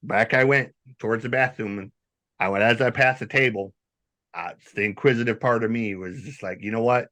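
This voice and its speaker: A man hosting a podcast, telling stories in a rambling, animated, casual way. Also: fairly low pitch, moderate pace. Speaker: podcast host. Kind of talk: casual storytelling chat.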